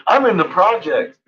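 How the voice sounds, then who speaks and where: A man's voice: extremely high pitch, fairly bright tone, slight background noise. A man telling rambling, profanity-laced stories in casual chat, laughing often between remarks. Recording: dull lo-fi stream audio.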